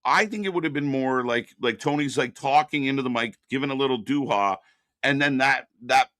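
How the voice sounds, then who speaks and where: A man's voice: medium pitch, brisk, fairly bright tone, no echo, clean studio sound. A man co-hosting a live wrestling reaction stream, chatting casually and greeting viewers in the chat by name.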